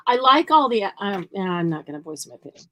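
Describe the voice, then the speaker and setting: A woman's voice: medium pitch, sing-song, fairly quick, a bit bright, poor audio. A woman co-hosting a crafting livestream, chatting casually and laughing often as she works. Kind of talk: casual chat while crafting.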